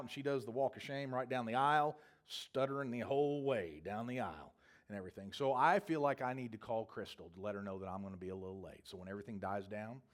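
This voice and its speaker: A man preaching a sermon as a pastor, telling a long, humorous travel story in a rambling, self-correcting way. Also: medium pitch.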